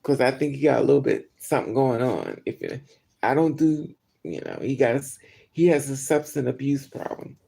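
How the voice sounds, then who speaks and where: Gravelly, mellow man telling a story. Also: mid-range voice, a little fast. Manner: candid, chatty, talks straight to viewers. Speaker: vlogger. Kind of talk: casual livestream storytelling.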